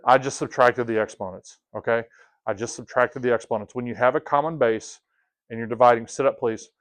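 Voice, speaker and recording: A man's voice: mid-range voice, fairly even intonation, a little fast. A man teaching a math class, talking casually to his students, joking and asking them questions. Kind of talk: classroom lesson.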